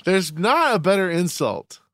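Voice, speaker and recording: Nasal guy podcast cohost, deadpan jokey, swoopy pitch, dry mic. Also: unhurried, no room sound. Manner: deadpan joking, playful contrarian. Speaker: podcast co-host. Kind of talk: casual chat.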